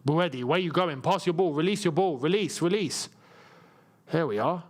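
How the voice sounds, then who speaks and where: A young man hosting a live football watchalong, calling out player names in quick bursts and reacting loudly to the action. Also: on the high side. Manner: excitable, rapid-fire name calling, bursts of laughter. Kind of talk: live match commentary and chat.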